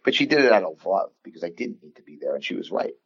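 Deep gravelly man telling his story. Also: very animated, no echo. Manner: earnest, halting, with restarts and quoted dialogue. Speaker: basketball coach guest. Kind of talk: personal storytelling in a podcast interview. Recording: dull lo-fi sound.

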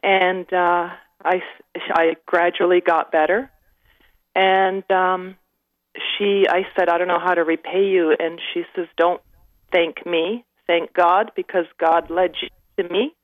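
A woman in her fifties calls in from Canada to a radio talk show. Her voice sits low for a woman and comes through a dull, dry line. She talks haltingly, with frequent ums and pauses. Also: fairly even intonation, no room sound. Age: 50s. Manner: halting, many fillers, emotional at times. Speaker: caller. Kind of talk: call-in testimony.

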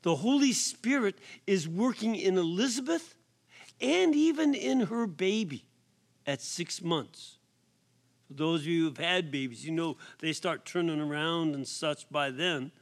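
A man preaching as a priest, his voice unusually high for a man. He talks at a slow, unhurried pace, punching single words with sudden rises in volume. At times he drops to a soft whisper for effect. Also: animated. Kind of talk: sermon. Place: prison chapel or hall.

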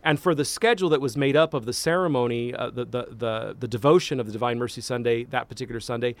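A man, a priest hosting a call-in radio show, answering listener questions with animated, emphatic teaching in a studio. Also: medium pitch, fast talker. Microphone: studio mic.

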